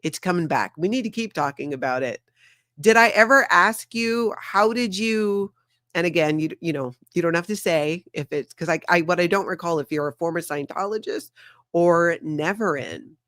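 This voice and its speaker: A woman's voice: lowish voice, moderate pace, fairly bright tone, dry recording, clean studio sound. A woman in her fifties from Hawaii, with a light Pidgin accent, hosting a casual livestream and chatting while she greets viewers by name. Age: 50s. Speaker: livestream host. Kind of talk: casual live-stream chat.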